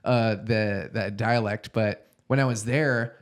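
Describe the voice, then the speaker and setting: A man's voice: on the low side, steady tone, slow. A man with a Southern accent hosting a podcast interview, rambling and searching for words as he asks questions. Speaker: podcast host. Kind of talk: interview chat.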